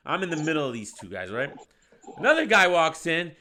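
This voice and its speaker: A man tells a story in casual chat, acting out the other people with sudden loud shouts. His voice is bright and forceful, pitched a little high for a man. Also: brisk, a little hiss or hum. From Michigan, United States. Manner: animated storyteller, acts out voices, laughs often. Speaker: podcast host.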